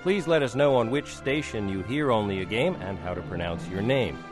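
A male public radio host with a lively, wry delivery. His pitch rises and falls a great deal as he reads. Faint music sits under the voice. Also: moderate pace.

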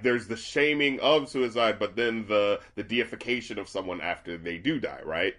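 Animated young man in casual chat. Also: medium pitch. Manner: animated, swearing, many fillers and restarts. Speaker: podcast co-host reviewing albums.

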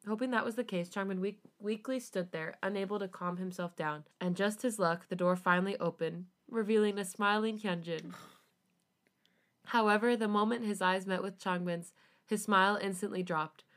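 A woman co-hosting a podcast, reading fanfiction aloud with an expressive delivery. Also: medium pitch. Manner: expressive reading, quick to laugh. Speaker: podcast co-host.

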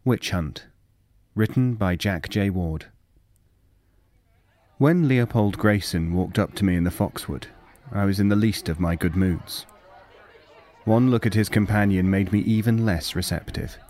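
A man narrating a first-person period story in a measured, wry reading. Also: lowish voice, darkish tone. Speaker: audiobook narrator.

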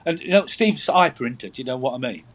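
A man's voice: mid-range voice, expressive, normal speed. A man, telling rambling stories as a guest in a casual chat, often repeating words. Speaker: guest angler.

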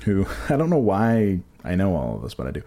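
A man's voice: sits low, wildly swooping pitch, brisk, warm tone. A man co-hosting a podcast in casual banter, rambling and profane, often trailing off and restarting sentences. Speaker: podcast co-host.

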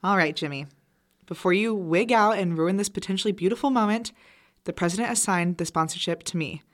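A woman acting an exasperated, brisk frat sponsor in a college audio drama. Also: mid-range voice, natural voice. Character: harried female frat sponsor Mrs. Coleman.

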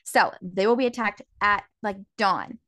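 A woman's voice: medium pitch, unhurried, no room sound. A woman co-hosting a podcast, eagerly retelling a story in casual chat and filling her sentences with "like". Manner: animated plot retelling, lots of filler "like". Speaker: podcast co-host. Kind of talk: casual book recap chat.

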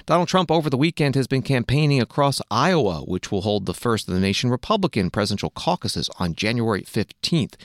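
A male news anchor reading scripted news narration in a measured, neutral way. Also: mid-range voice, sing-song, dry recording, studio quality.

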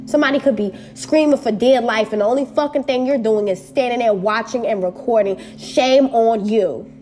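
A woman's voice: on the high side, fairly quick, warm tone. A woman on a personal video, angrily and bluntly speaking her mind, swearing often and repeating short phrases, upset and hurt. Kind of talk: impassioned personal rant to camera.

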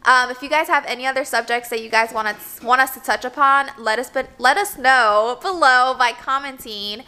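A woman co-hosting a casual podcast, telling a story in an animated way and laughing often. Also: high voice, moderate pace. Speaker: podcast co-host. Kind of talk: casual chat.

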